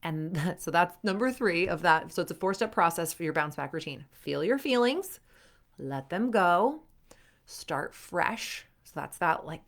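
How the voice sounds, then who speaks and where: A young adult woman coaching athletes in a casual, chatty way, full of fillers and acted-out inner thoughts. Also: on the low side. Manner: chatty, frequent "like" fillers, acts out inner voices. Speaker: performance coach.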